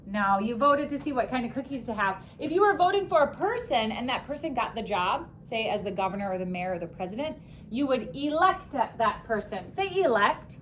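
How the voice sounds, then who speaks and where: Bright-voiced woman teaching a spelling class. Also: on the high side, very animated, a little fast, slight background noise. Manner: upbeat, sing-song prompting, stretches words out syllable by syllable. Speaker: elementary school teacher.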